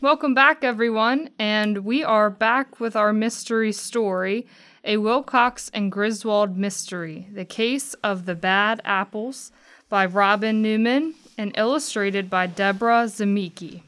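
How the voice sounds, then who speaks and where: A woman reading a children's mystery story aloud to a class, slow and careful, stammering out the scared characters' lines. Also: medium pitch, fairly bright tone. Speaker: guest reader.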